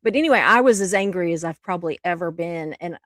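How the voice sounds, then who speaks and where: A woman co-hosting a casual chat show, telling a story in a drawn-out, playful way and quoting people in a low voice. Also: no room sound. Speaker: co-host.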